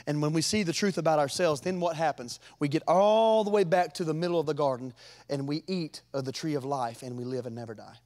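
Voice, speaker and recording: High-voiced fervent preacher man. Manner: fervent, rises to shouts then drops low; folksy, repeats words. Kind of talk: sermon.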